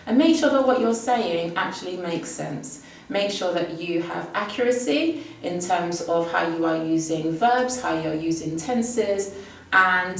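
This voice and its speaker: A woman's voice: fairly low pitch, a little hiss or hum. A woman teaching Spanish, giving an upbeat, emphatic exam prep lesson. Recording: distant mic with heavy room echo.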